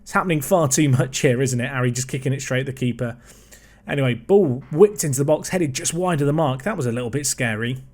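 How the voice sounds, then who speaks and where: A gaming YouTuber casually commentates on his football management game, chatting excitedly as he calls the play and talks to himself. His voice sits at a medium pitch and moves at a quick pace.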